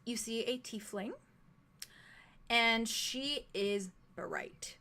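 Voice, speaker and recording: A woman's voice: on the high side, very slow, sharp tone. A woman narrating a live-streamed tabletop game as game master, giggling and rambling through asides.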